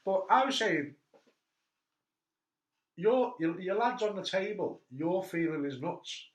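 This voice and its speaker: A man hosting a casual chat, an animated storyteller who laughs at his own anecdotes. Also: high voice, slow. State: hurt back. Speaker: host. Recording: echoey room.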